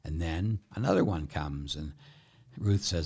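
Middle-aged male Catholic priest, lowish voice, emphatic preaching style with loud and soft swings. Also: slow, slightly rough.

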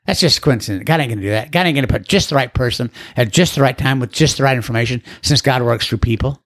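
An older man tells the story of his recovery at a fast clip in a mid-range voice. His telling is folksy, rambling and plain-spoken, and he acts out other people's voices in quotes as he goes.

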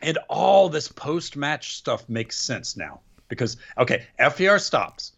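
A man co-hosts a wrestling podcast and talks through a match with excitable energy. His pitch swings widely as he gets worked up. The recording is muffled and lo-fi. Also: a little slow, vocal fry, breathy edge. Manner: excitable, animated recapping of a match. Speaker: podcast co-host. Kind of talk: casual wrestling podcast chat. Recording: dull lo-fi sound.

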